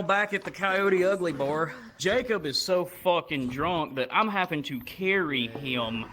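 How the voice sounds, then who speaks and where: High-voiced profane stand-up comic man. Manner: profane, animated, acts out characters. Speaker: stand-up comedian. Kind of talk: stand-up storytelling. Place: comedy club stage with live audience. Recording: loud crowd noise. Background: audience laughter.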